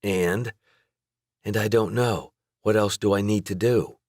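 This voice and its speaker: An earnest, emotional young heroine of a romance audiobook, put on by a male narrator who lifts his deep voice for her. Her speech climbs high when she is moved. The recording is dry and close. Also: steady tone, measured pace, a little mellow, dry recording.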